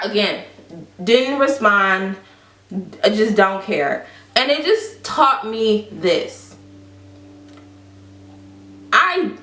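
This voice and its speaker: A woman vlogger casually telling a personal story to the camera, quoting people with lively, exaggerated voices. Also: medium pitch. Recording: echoey room, mic at a distance.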